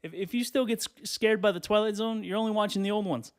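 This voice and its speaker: A man with a slightly high voice hosts a solo podcast while standing in a hot bedroom. He rambles loosely, swearing and filling gaps with "you know". He sounds a little out of breath and keeps clearing his throat. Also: fast talker. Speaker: podcast host. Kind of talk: solo casual rant.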